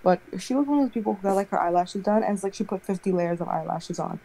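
A young woman chats casually, rambling through a story and peppering it with "like". Her voice sits in a middle pitch with a soft, mellow tone. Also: quick pace, rough recording. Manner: rambling, animated storytelling full of "like". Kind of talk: casual chat.

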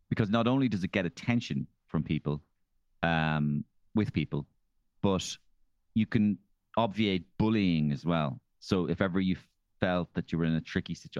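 An Irish man as a comedian guest, telling animated stories in a casual chat and slipping into impressions. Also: sits low, no echo, muffled recording. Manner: animated storyteller, slips into impressions.

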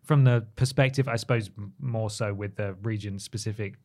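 A man's voice: on the low side, steady tone, brisk, a little mellow. A man co-hosting a gaming podcast, talking in a casual, rambling way with fillers and self-corrections. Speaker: podcast co-host. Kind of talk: casual chat.

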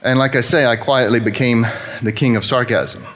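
A man's voice: mid-range voice, steady tone, normal speed, fairly bright tone. Wry man giving a church testimony. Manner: conversational and wry, self-deprecating humor. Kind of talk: sermon-style personal testimony.

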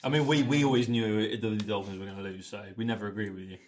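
A man's voice: on the low side, steady tone, fast talker, a crowd in the background. Teasing Welsh man hosting a podcast. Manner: teasing, leads the talk and reads ad plugs. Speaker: podcast host. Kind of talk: casual sports podcast chat.

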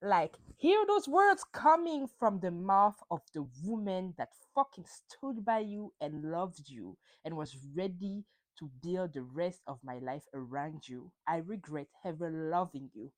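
A woman's voice: fairly low pitch, sing-song, unhurried, few pauses, low-quality recording. A young woman hosting a solo podcast, recapping reality TV in a heated, profane rant. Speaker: podcast host.

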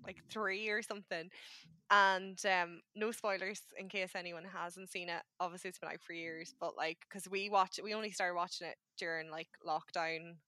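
A woman in casual chat, talkative and quick to laugh, filling her talk with "like". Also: fairly low pitch, fairly even intonation, bright, forceful tone, dry recording. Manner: chatty, laughs often, lots of "like".

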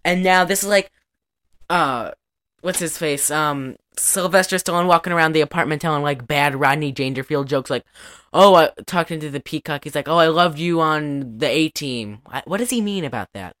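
A woman's voice: deep voice, normal speed, a bit bright. A young woman in casual podcast chat, recapping a movie in a rambling way with lots of "like" fillers and acted-out lines. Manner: rambling, many "like" fillers, acts out lines from the film. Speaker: podcast co-host.

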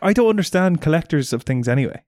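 A man co-hosting a podcast in casual chat, wry and quick to swear. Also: on the high side, dry recording, clean studio sound. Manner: wry, swears often, lively delivery. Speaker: podcast co-host.

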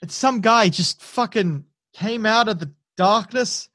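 A man voices a panicked, wounded male soldier who screams and swears in pain, sounding shaken. The delivery is high, pushed, and bright at a measured pace, pitched above the performer's own voice and heavily acted, with clean studio sound and no echo.

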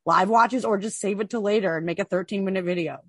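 A woman's voice: mid-range voice, quick pace, no echo. A woman co-hosting a podcast in casual chat, rambling and profane, full of "like". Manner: rambling, profane, heavy use of "like". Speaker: podcast co-host.

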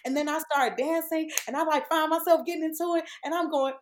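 This podcast guest, a woman in her thirties or forties, has a high voice and a brisk delivery. She tells stories animatedly in a casual chat, with lots of laughter.

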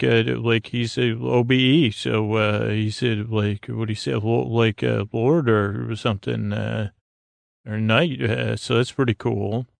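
A man hosting a bedtime podcast, recapping a story in a meandering, low-key way full of "uh" and "he goes". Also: creaky, no echo. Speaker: podcast host. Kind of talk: rambling bedtime episode recap.

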